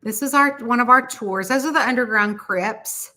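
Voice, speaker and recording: A middle-aged woman, chatting casually with viewers on a livestream about her books. She talks in an animated, chatty way and laughs often. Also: normal speed. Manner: chatty, animated, laughs often, quotes people in high voices. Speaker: mystery author hosting a livestream.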